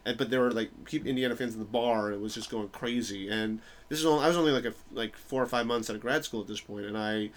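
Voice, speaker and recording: A man's voice: medium pitch, fast, hardly any pauses. A young man from New York, a comedian guest chatting casually on a podcast, rambling and cutting himself off mid-sentence. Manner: rambling, self-interrupting, animated bursts.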